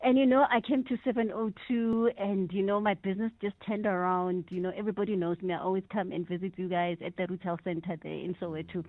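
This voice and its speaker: Calling a radio station with an effusive tribute, this South African woman talks fast with few pauses, sprinkling in Sesotho phrases. Her mid-range voice keeps a fairly even intonation, and the tinny phone line is dry.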